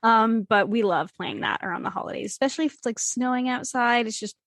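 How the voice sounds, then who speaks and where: A woman, hosting a casual podcast interview, chatty and quick to laugh. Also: a little high, a bit bright, dry recording, clean studio sound. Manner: bubbly, laughs often, many fillers. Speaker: podcast host.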